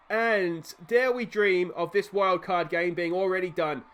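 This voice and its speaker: An Australian man giving excited play-by-play commentary as he plays a baseball game, getting loud on big hits. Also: sits high, measured pace, hardly any pauses, smooth. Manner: fan-style play-by-play, shouting on big hits. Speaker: let's play host.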